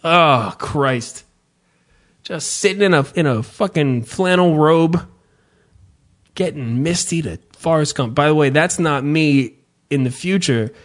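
A man's voice: a little high, a little slow. A man in his thirties, a podcast host in casual profane chat, mock-ranting. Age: 30s. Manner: animated, swearing, mock-ranting.

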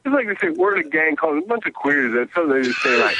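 A man's voice: on the high side, sing-song, quick pace, background noise. A man with a Texan accent, a podcast guest telling blunt, profane stories in casual chat.

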